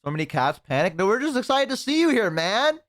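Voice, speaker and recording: Young guy streamer, high voice that jumps all over, acts out his stories. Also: fast. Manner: animated storyteller, mimics voices. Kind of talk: casual live-stream chat.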